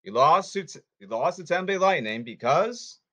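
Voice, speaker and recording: A man's voice: fairly high pitch, lively intonation, normal speed, pushed and bright. A man hosting a sports podcast who talks in a blunt, hectoring way and repeats himself, in a casual commentary monologue.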